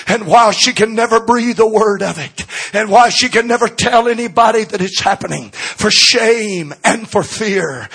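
An older man preaches in a church, his voice pitched high and a little husky. He tells the story with deep feeling and sinks to soft, low tones when it turns tender. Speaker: pastor. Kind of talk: sermon storytelling. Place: church sanctuary.

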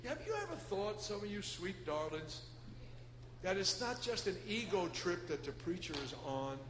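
A man preaching a Pentecostal sermon in a folksy way, swinging between loud shouting and soft asides. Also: high-pitched, very animated, moderate pace, crowd noise. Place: church. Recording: echoey church hall with ambience.

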